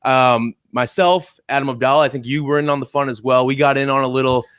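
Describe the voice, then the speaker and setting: A man co-hosts a casual sports podcast in an easy, teasing manner. His voice sits at a middle pitch, and the mic is close and dry with no room sound. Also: fairly even intonation, quick pace, a bit bright, smooth, dry recording. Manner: upbeat, teasing banter. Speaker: podcast co-host.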